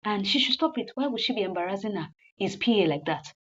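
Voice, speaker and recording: Meek, pleading husband, low and soft, voiced by a woman; dull lo-fi audio. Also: lively intonation, fast, breathy edge.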